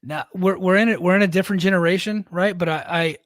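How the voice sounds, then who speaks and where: A middle-aged military leader co-hosts a podcast, speaking fast in a high, steady voice. He's blunt and casual, telling stories and often tacking "right?" onto his sentences. The studio recording is clean and dry.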